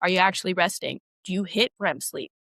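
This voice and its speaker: A woman's voice: fairly low pitch, fairly quick, creaky, fairly bright tone, no echo. A woman in her thirties, a former teacher and coach, telling her story in a candid interview with emphatic, casual talk.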